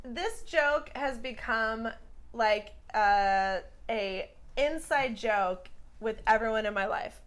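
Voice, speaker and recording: Woman hosting a comedy talk show at home, high and sharp voice, bubbly, laughs a lot. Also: takes it slowly. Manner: bubbly, animated, laughs often. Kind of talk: casual comedic chat. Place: home living room.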